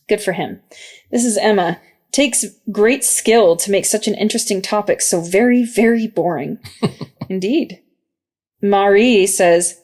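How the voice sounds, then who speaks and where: A woman's voice: medium pitch, darkish tone. Giggly chatty woman podcast co-host. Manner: giggly, chatty, laughs often. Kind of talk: casual chat, reading reviews aloud.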